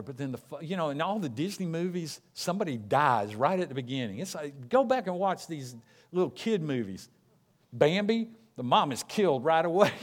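A pastor with a slightly high voice delivers his sermon as lively, conversational storytelling. He acts out the people in his stories with quick, playful asides, and his pitch rises and falls often. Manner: animated storytelling, acting out characters in quick asides.

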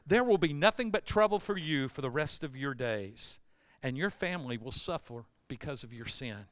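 A man pastor preaching a sermon, retelling a scripture story in plain everyday words and building to loud emphatic bursts. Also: medium pitch, expressive, moderate pace, dry recording.

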